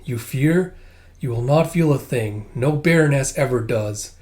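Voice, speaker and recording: An ancient snake creature, calmly clinical about a life ending, read by a man in his own voice. The delivery is steady and matter-of-fact, at his ordinary middle pitch. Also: unhurried, close to an everyday voice. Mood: cold.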